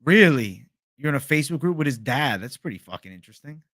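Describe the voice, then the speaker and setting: A man's voice: mid-range voice, very animated, fast, a bit bright, no room sound, studio quality. A young man hosting a casual livestream, reading viewer questions aloud in a laid-back, profane bro manner. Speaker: livestream host.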